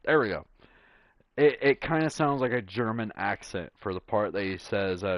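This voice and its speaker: Low-voiced guy rambling about a game, slow, lots of ums, dull dry mic. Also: no room sound. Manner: slow and halting, many fillers and pauses. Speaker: gameplay streamer. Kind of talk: casual commentary.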